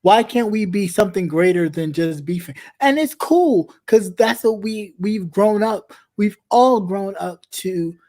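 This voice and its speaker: Man, thirties, casual livestream co-host, laid-back, mellow tone. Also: high voice, animated, measured pace, hardly any pauses.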